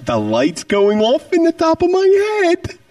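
A man's voice: extremely high pitch, huge pitch swings, unhurried, darkish tone, no room sound, recorded from a distance. A man hosting a podcast, talking animatedly and profanely as he jumps between tangents. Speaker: podcast host. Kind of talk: casual podcast chat.

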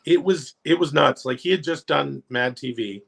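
A man casually telling rambling, profane, animated anecdotes as a podcast guest. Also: fairly high pitch, moderate pace, gravelly, husky. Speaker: guest storyteller.

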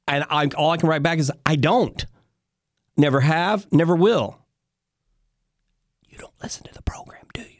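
Folksy radio garden host. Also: male voice, mid-range voice, creaky, darkish tone, no room sound, clean studio sound. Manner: folksy, chatty, laughs easily. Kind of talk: casual call-in radio talk. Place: radio studio. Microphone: studio microphone.

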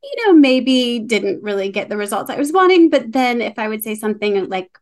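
A woman's voice: fairly high pitch, big pitch swings, fairly quick. A middle-aged woman, an author chatting as a guest on a video call and laughing often. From North Carolina. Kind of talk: casual interview chat.

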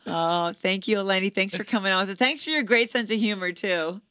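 A woman's voice: medium pitch, a little fast, a bit bright, clear, resonant tone, dry recording, clean studio sound. A woman hosting a radio show, interviewing a guest with playful teasing.

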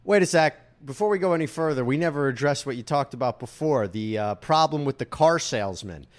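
A man's voice: mid-range voice, expressive, fairly quick. A male host in a casual chat, asking probing questions in a conversational way.

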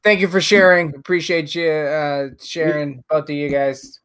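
A man's voice: on the high side, steady tone, fairly bright tone, smooth. Teasing man joking on a podcast. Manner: teasing and quick-witted. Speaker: podcast co-host and editor. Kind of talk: casual podcast banter.

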